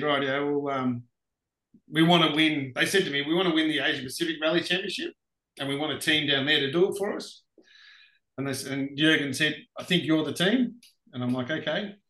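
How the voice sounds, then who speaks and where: Aussie bloke spinning racing yarns, bright forceful voice, echoey room, laughs a lot. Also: male voice, mid-range voice. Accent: Australian. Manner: animated anecdotes, laughs often. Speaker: podcast guest, racing driver. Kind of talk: casual storytelling interview.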